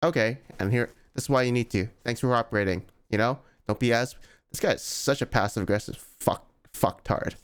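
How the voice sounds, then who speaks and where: A man's voice: medium pitch, fairly quick, clear, resonant tone. A man giving casual, blunt reaction commentary as a gaming YouTuber, with lots of "like" and exasperated asides.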